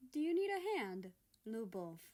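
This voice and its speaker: A woman's voice: fairly high pitch, very animated, unhurried, warm tone, pitched above the performer's own voice. A woman voicing an affectionate, teasing middle-aged husband in a fan fiction reading.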